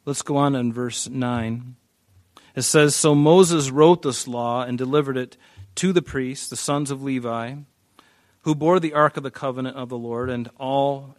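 A man's voice: medium pitch, dry recording. A man preaching a verse-by-verse Bible teaching, emphatic and repeating words as he drives a point home. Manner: emphatic, repeats words, varies loudness for stress. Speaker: pastor.

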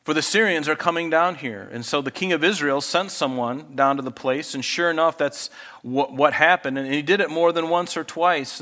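A man preaching a sermon as a pastor, talking in a conversational way that turns animated when he acts out quoted speech. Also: fairly high pitch, long reverb tail.

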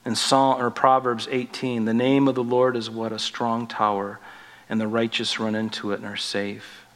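Pastor preaching in a reverberant hall. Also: male voice, medium pitch, flat delivery, normal speed. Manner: swells up on scripture, drops soft on tender points. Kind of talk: sermon. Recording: long reverb of a large hall.

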